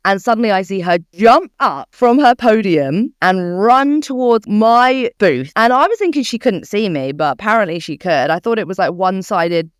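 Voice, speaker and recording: A young woman co-hosting a podcast, telling a story in casual chat with a British English accent, animated and swearing freely. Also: mid-range voice, normal speed, hardly any pauses, clear, resonant tone, no echo, clean studio sound. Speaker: podcast co-host.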